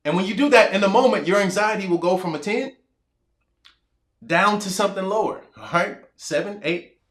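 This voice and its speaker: A man in his thirties speaks straight to the viewer in a relaxed, conversational self-help talk, his voice sitting high. He acts out bits of his own past dialogue. The room around him is echoey. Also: moderate pace. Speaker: motivational speaker.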